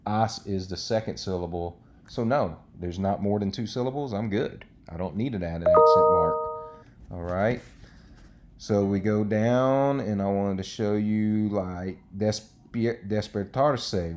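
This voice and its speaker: A man teaching a recorded Spanish lesson, explaining step by step in a patient way with frequent checks like "okay". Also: fairly low pitch.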